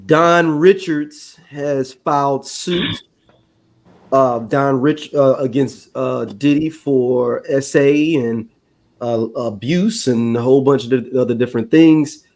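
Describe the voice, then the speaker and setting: A man's voice: mid-range voice, takes it slowly. Guy cohost reading news bits, laid back, uh-filled. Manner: relaxed, reads news items with fillers. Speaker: podcast co-host. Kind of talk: casual chat.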